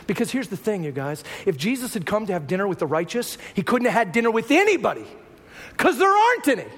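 A man preaching a sermon as pastor in a conversational way, dropping to hushed lines and rising to raised ones. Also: sits high, very animated, brisk. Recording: long hall reverb.

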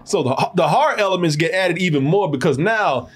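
A man chatting casually as podcast host about a movie, joking crudely and laid-back. His voice sits a bit high and moves a lot. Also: expressive, a little fast, breathy edge. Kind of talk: casual movie review chat.

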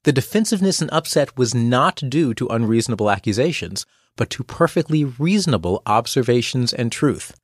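Man, host and coach, playful scripted delivery, very lively pitch. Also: a little fast, slightly rough, dry recording, studio quality. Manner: wry, playful, acts out quoted voices. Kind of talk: scripted podcast narration.

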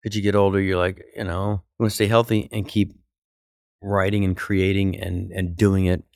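50s guy comedian telling stories, lowish voice, jumps way up doing other people, dry close mic. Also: moderate pace, vocal fry, dry recording. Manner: animated, acts out quotes with jumps in pitch. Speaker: comedian guest. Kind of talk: casual storytelling interview.

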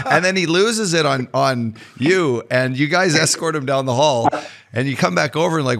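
A man's voice: on the high side, expressive, normal speed, a bit bright. A man hosting a podcast, telling a profane story with lots of laughter. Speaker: podcast host. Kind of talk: casual chat.

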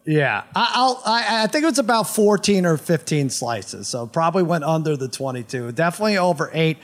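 Excitable man hosting a sports podcast. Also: a little high, a little fast. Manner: loud, excitable, rambling. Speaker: podcast host. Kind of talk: casual sports chat.

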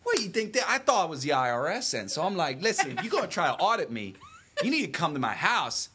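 A man's voice: a little high, very animated, fast, noisy background. A man telling rambling comic stories in a folksy voice with loose grammar. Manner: folksy, storytelling, dropped grammar. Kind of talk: casual comedic banter.

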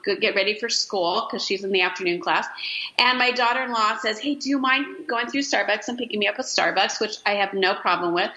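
Bright-voiced older woman telling a story. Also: dull audio. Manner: animated, acts out her own lines in a higher voice. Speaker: podcast co-host. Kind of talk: casual chat, storytelling.

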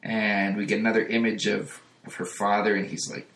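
A male podcast host walks through a comic issue, telling it in a lively, animated way. His tone is crisp and forceful. The recording has a roomy echo. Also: on the low side, brisk. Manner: animated storytelling with chuckles. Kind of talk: casual comic-book recap.

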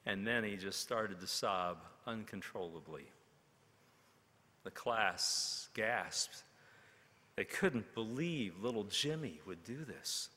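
A man preaching a sermon, telling a story in a slow, dramatic way with long pauses. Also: lowish voice, expressive, sharp tone. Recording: long hall reverb.

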